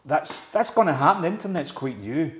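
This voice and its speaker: A man's voice: on the high side, sing-song, fairly quick, slight background noise. A man hosting a casual interview, rambling through his questions and swearing freely. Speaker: podcast host. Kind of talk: casual chat. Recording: echoey room.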